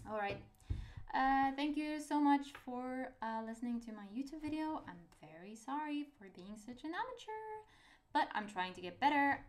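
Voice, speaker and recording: A young woman from Norway with a Norwegian accent, chatting casually and hesitantly about her art in a vlog, self-deprecating and rambling. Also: fairly high pitch. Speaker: artist vlogger.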